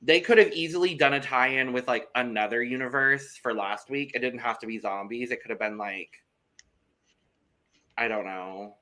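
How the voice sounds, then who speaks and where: A man's voice: medium pitch, normal speed, pushed and bright. A young man co-hosting a podcast in casual chat, talking loosely, with some swearing and repeated words. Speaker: podcast co-host.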